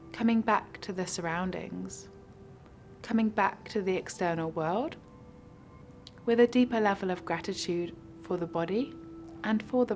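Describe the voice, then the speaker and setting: A woman leads a guided meditation in an unhurried, soothing voice, pausing between each gentle instruction. Her pitch sits in a middle range, and faint music plays quietly beneath her. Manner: slow, soothing, evenly paced instructions. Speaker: mindfulness guide.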